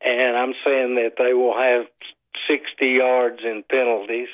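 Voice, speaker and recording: A man calling into a radio show who keeps things brisk and to the point. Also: medium pitch, level tone. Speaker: radio caller. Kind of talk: phoned-in chat. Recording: dull lo-fi phone line.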